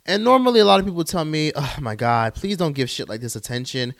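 A man hosting his own podcast, giving casual commentary in an expressive, sassy, exclamatory way. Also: fairly high pitch, fast talker. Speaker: podcast host.

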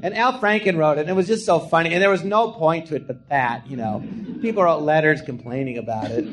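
Man, comedian guest, animated storyteller, lively swooping voice, faint hiss behind. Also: normal speed. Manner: animated, acts out quotes in high shouted voices. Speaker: comedian guest telling stories. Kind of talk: live podcast storytelling. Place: podcast theatre before a live audience.

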